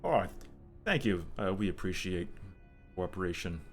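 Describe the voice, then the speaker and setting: A man's voice: deep voice, very animated, moderate pace. A polite, formal government agent, as a man puts him on while running a tabletop game. He speaks in a clipped, official tone, courteous and controlled. Faint music sits behind the voice.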